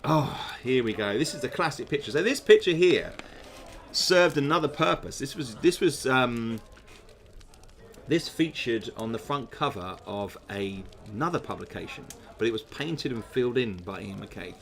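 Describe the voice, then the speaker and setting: A man's voice: medium pitch, lively intonation, normal speed, gravelly. A man, hosting a gamebook session, reading aloud and chatting in musing asides. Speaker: host playing a gamebook.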